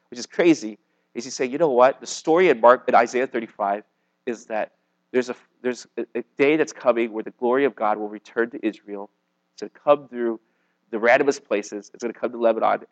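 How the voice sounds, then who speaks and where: A man preaching in a loose, conversational way, with a voice of middling pitch. He slips into slang and often turns suddenly louder to stress a point, then drops back to a quieter telling. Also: highs cut off. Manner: casual, animated preaching with slang and sudden loud emphasis. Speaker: pastor. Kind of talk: sermon.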